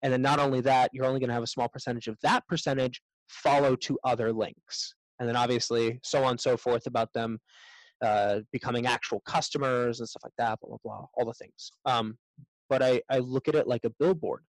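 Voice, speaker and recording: A man's voice: mid-range voice, fairly even intonation, brisk, no echo, low-quality recording. A man, a self-defense instructor, speaking as a guest in a casual interview, thoughtful and a bit rambling.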